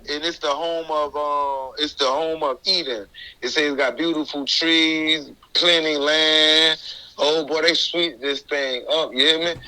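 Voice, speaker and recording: A man's voice: on the high side, steady tone, unhurried, pushed and bright, smooth, rough recording. A man as an interview guest, talking casually in a loose, rambling way with many restarts and bits of slang. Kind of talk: casual conversation.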